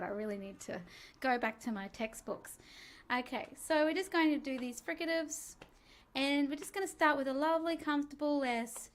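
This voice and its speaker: A singing teacher leading a relaxed vocal warm-up lesson, chatty and encouraging with self-mocking asides. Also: female voice, a little high.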